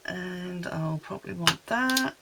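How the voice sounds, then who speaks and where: At her desk making cards, a woman from Wales keeps up a chatty, homely tutorial full of rambling asides. She speaks slowly in a lowish, animated voice with vocal fry, over very noisy audio.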